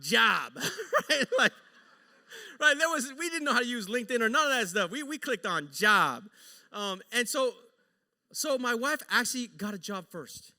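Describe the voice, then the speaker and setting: Casting note: high, lively male pastor, casual joking sermon storyteller, echoey church hall. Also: moderate pace. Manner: animated, joking, conversational. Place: church sanctuary.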